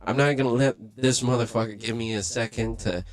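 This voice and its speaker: A young livestream host from Los Angeles tells a story in casual, profane talk, acting out the voices of people he quotes. His voice is medium-pitched with fairly even intonation, and he speaks fairly quickly.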